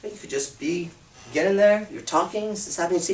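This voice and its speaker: Brief: profane, emphatic male seminar speaker, a bit high, heard from a distance in an echoey room. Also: expressive, quick pace, slight background noise. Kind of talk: live seminar talk. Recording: roomy hall, speaker off-mic.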